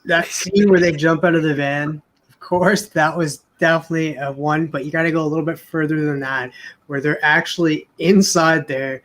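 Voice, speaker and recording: Rambling podcast host, slightly high voice. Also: male voice, steady tone, moderate pace, fairly bright tone. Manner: rambling, lots of fillers and swearing. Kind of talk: casual podcast chat.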